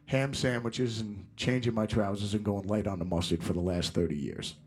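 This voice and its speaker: A middle-aged man, a musician, telling rambling anecdotes in a casual interview, laughing often and slipping into quick impressions. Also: on the low side, darkish tone. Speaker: guest musician.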